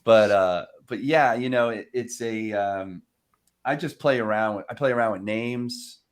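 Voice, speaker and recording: Animated low-voiced man telling sales stories. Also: unhurried. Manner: animated storyteller, laughs often, acts out phone calls. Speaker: sales development rep. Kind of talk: casual podcast chat.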